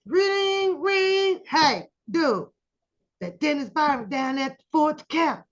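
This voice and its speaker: A woman with a fairly high voice unspools the story at an unhurried, drawn-out pace. She slips into playful voices for the people she quotes, and the recording sounds dull and lo-fi. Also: animated. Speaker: commentary channel host. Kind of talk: casual drama commentary.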